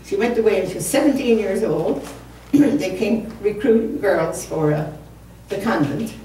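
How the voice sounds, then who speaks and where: Speaking at a measured pace, this woman in her seventies has a mid-range voice with a dark tone. She entertains a community concert crowd with a meandering, humorous tale, chuckling at her own expense. The recording carries the hall's echo, a distant mic, and faint room noise.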